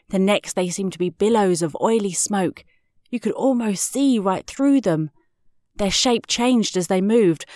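Expressive woman reading a storybook. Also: medium pitch, no echo, studio quality.

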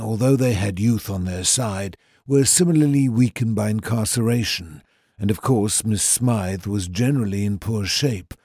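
Husky male audiobook narrator. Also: on the low side, dry recording, studio quality. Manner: measured, even storytelling delivery. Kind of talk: scripted first-person narration.

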